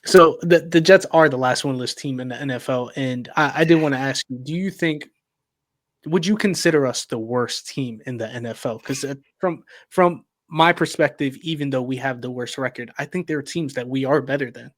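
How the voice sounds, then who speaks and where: A man's voice: mid-range voice, moderate pace, no echo. Easygoing man chatting on a sports podcast. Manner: easygoing, restarts his sentences. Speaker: podcast co-host. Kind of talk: casual sports podcast chat.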